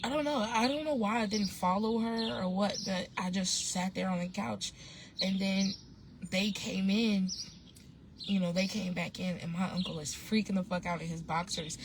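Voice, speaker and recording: A woman's voice: medium pitch, fairly even intonation, normal speed, noisy background. A woman vlogger telling a story in a casual, slangy way, rambling with restarts and fillers.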